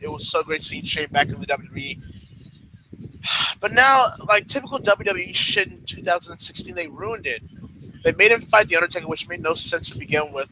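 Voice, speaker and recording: A young man hosting a casual livestream, talking bluntly with lots of swearing. He rants hard and gets excited when talking about things he likes. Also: sits high, noisy background. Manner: blunt, profane, ranting; excitable fan enthusiasm. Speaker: livestream host.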